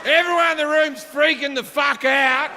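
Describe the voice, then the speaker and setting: A man with an Australian accent doing stand-up, telling a crude story and jumping into shouted punchlines. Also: very high-pitched, steady tone, normal speed, heavy background noise. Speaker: stand-up comedian. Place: large concert venue on stage. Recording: live hall reverb with faint crowd ambience.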